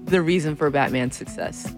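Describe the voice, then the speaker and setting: A woman's voice: deep voice, normal speed, over music. A woman hosting a radio pledge drive, chatting with enthusiasm and urging listeners to give. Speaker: radio host.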